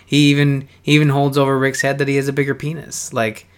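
A man's voice: mid-range voice, completely flat delivery, fast, smooth. Rambling, thoughtful podcast man. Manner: thoughtful, rambling, frequent "you know" and restarts. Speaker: podcast co-host. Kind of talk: casual chat about a TV show.

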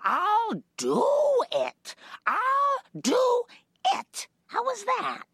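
A woman voicing a patient, earnest cartoon mother with a gravelly, raspy voice. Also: extremely high pitch, huge pitch swings, drawn-out words, pushed and bright, no echo, clean studio sound, heavily acted. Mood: performing. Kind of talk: cartoon voice acting.

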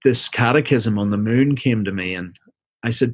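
A middle-aged man, a seminary professor and minister, telling a personal story as an interview guest in a soft, reflective, halting way, often repeating words as he goes. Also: medium pitch, slightly rough, dry recording.

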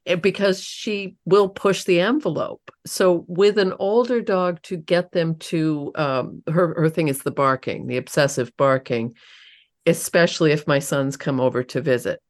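A woman hosting an interview, asking halting, rambling questions about her dog. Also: deep voice. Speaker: interview host. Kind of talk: casual interview talk.

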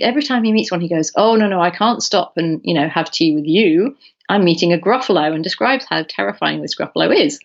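Animated woman, dull lo-fi sound. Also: lowish voice, gravelly. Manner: animated storyteller, many ums and restarts. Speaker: podcast co-host. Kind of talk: casual chat.

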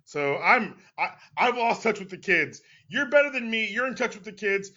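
A man's voice: high-pitched, expressive, normal speed, few pauses, bright, forceful tone, dull audio. A man in his thirties hosting a casual sports podcast, playful and mock-indignant as he jokes with his guest. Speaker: podcast host.

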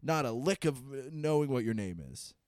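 Man, comedian, podcast co-host, casual profane storytelling, lively swinging pitch, dry close sound. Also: normal speed, clean tone, no echo.

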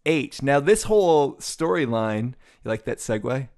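A man's voice: mid-range voice, expressive, measured pace, a crowd in the background. A man co-hosting a podcast in casual chat, rambling and joking at himself. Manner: rambling, self-mocking, many restarts. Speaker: podcast co-host.

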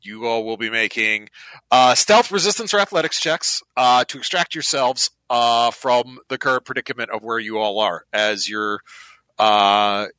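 A man's voice: medium pitch, bright, forceful tone, no room sound. A man running a tabletop game as game master, rambling and casual with laughs and the odd swear.

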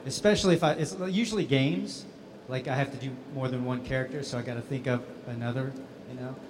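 A man's voice: medium pitch, fast, background noise. A male voice actor telling stories at a convention Q&A, laughing often. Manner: laughing, animated storytelling. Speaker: voice actor guest at a convention panel. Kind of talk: casual convention Q&A.

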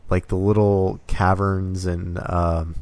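A man with a very deep voice talks thoughtfully on a gaming podcast, pausing often with fillers. The recording is dry, with no room sound. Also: little pitch movement, darkish tone, dry recording. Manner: measured, thoughtful, with "um" pauses. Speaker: podcast co-host. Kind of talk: casual game discussion.

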